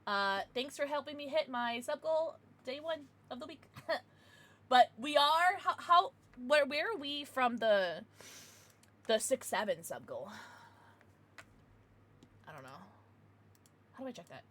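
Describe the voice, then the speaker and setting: Bubbly, lively woman streamer. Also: high-pitched, measured pace, long pauses. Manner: bubbly, laughs often, reacts to chat. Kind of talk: casual livestream chat.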